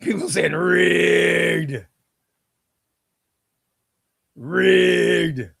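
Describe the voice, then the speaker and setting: A man's voice: high-pitched, very slow, gravelly, a bit bright, slightly rough, no room sound. Chatty man hosting a comics livestream. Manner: chatty, exclaims at each elimination. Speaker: comic book livestream host. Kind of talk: casual livestream chat.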